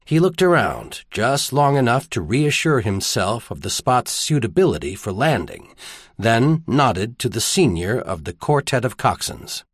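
A male audiobook narrator with a measured, storytelling delivery. His intonation moves lively through each sentence, and the recording is dry and close. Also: medium pitch, breathy edge, no room sound. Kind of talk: scripted narration.

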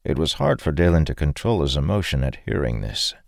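Deep-voiced male audiobook narrator. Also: big pitch swings, fairly quick, creaky, darkish tone, no echo, clean studio sound. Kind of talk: scripted fantasy narration.

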